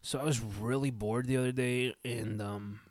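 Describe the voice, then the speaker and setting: A man's voice: medium pitch, fairly even intonation, moderate pace. A man co-hosting a podcast, talking loosely and jokingly, with casual swearing. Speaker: podcast co-host. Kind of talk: casual chat.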